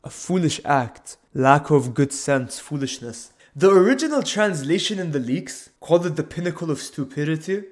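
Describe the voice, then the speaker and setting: A man's voice: medium pitch, a little mellow. A young man giving a casual, rambling manga chapter review on camera, often interrupting himself and drifting off topic.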